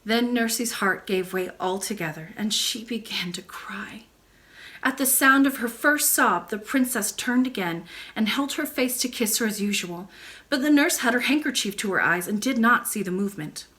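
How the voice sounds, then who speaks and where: A woman reading a bedtime story aloud in a soft, gentle way. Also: fairly high pitch, moderate pace. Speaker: library storytime reader.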